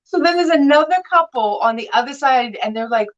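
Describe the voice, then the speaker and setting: A woman's voice: sits high, animated, a little fast, highs cut off. A woman selling vintage glass on a live sale, chatting and telling stories with playful voiced quotes.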